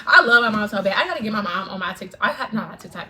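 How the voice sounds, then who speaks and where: A woman's voice: medium pitch, lively intonation, racing, hardly any pauses, bright, forceful tone. A woman vlogger ranting straight to camera, fervent and profane, repeating lines for emphasis. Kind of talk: direct-to-camera rant.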